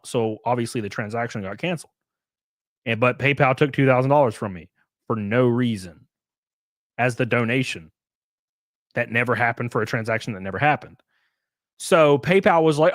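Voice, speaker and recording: A man hosting his own podcast, telling a long story in a casual, animated way, swearing freely and acting out the phone calls he made. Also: mid-range voice, dry recording. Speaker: streamer and podcast host.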